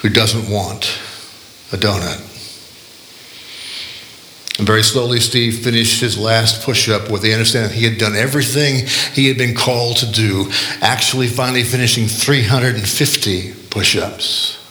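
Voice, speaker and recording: A man telling a moving story aloud, slowing and softening at the emotional moments and voicing the people in it. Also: medium pitch, steady tone, echoey room, a little hiss or hum. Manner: slows and softens at emotional moments, voices characters. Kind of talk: dramatic storytelling.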